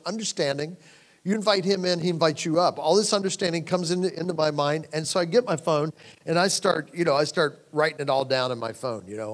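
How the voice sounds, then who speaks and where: A man telling a personal story as a conference sermon, conversational and animated, dropping to hushed tones when he quotes himself. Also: on the high side. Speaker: conference speaker. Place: conference hall.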